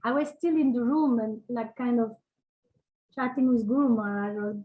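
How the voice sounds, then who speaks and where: A woman sharing personal memories in casual, halting speech, searching for words with many fillers and little laughs. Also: on the high side, narrow, tinny audio. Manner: laughs between phrases. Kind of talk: casual spoken reminiscence.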